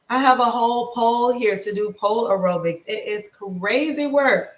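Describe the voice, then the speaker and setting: A woman life coach giving a casual motivational talk, slow and repetitive in an affirming way. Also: on the high side, echoey room, distant mic. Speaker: lifestyle coach.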